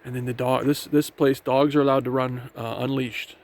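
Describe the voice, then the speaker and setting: A vlogger narrates a casual walk along a forest trail beside a river, rambling with fillers and restarting sentences. His mid-range voice is level and darkish at a moderate pace. Wind and the river make the outdoor audio noisy.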